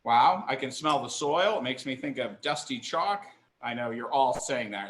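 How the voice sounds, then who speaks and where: A middle-aged man at an indoor kitchen counter runs a live online wine tasting class, full of chatter and enthusiasm and happy to laugh at himself. His mid-range voice is expressive and a bit bright, at normal speed, with a roomy sound.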